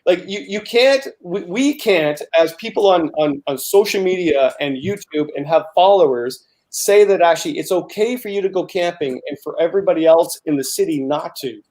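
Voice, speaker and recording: A man's voice: a little high, animated, normal speed, few pauses, a little mellow. A man talking as a guest, speaking hesitantly and restarting his sentences often. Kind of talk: casual debate, guest.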